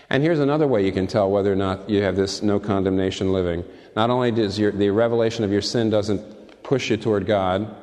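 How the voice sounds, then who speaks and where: A man preaching a sermon with passion. He swings between high, emphatic peaks and soft, low asides, and he asks his listeners direct rhetorical questions. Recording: long reverb from a large hall.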